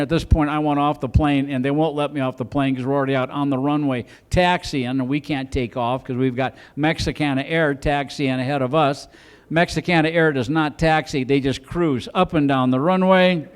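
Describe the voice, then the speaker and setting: A man performs stand-up on a comedy club stage, his voice sitting a touch high for a man. He rambles through his stories and banters with the crowd, now and then breaking into loud, exaggerated voices for his bits. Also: clean tone. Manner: rambling, animated storytelling, bursts into loud put-on voices.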